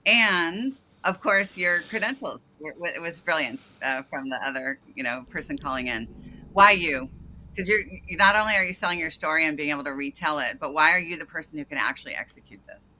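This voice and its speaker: Very bright-voiced woman giving pitch feedback. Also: expressive, brisk, a little hiss or hum. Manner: detailed, self-correcting, coaching pronunciation. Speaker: startup pitch coach. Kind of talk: video call feedback. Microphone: video call.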